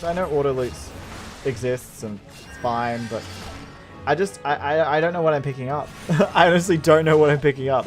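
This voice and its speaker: A man doing a casual let's-play commentary, rambling and giggling, mocking himself as he plays, with game music behind. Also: medium pitch. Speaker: gaming channel host.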